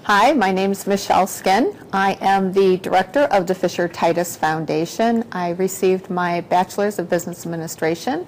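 A woman's voice: medium pitch, moderate pace, hardly any pauses, slight background noise, low-quality recording. A woman who directs a foundation, giving a brief, friendly introduction.

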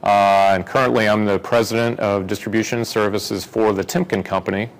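A man who is a company executive, introducing himself in a halting way. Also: on the low side, fairly even intonation, poor audio. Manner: halting, restarts often. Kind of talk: casual self-introduction.

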